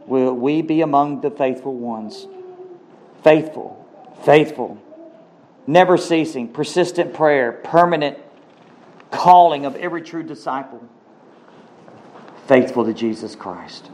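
A man's voice: medium pitch, measured pace, pauses often, a little mellow, a little hiss or hum. A middle-aged man preaching a sermon as pastor, pleading and swinging between rising and falling lines with repeated questions.

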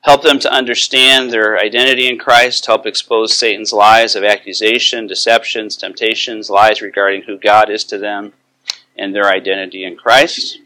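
A man's voice: on the low side, flat delivery, moderate pace, pushed and bright. A middle-aged man teaching about biblical counseling, telling a story and acting out the quoted dialogue in a conversational way.

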